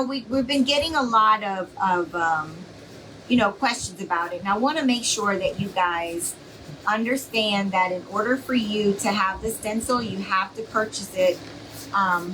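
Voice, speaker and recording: A woman's voice: medium pitch, sharp tone, slight background noise. Woman, craft live stream host, chatty, rambling, reassuring, slightly distant mic. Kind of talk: casual live-stream chat with viewers.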